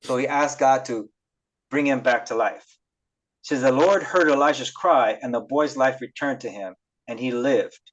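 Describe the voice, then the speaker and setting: A man's voice: medium pitch, normal speed, muffled recording. A man casually retelling Bible stories on a podcast, reading verses and paraphrasing them with lots of fillers. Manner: retells scripture loosely with many fillers and acted quotes. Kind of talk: casual chat.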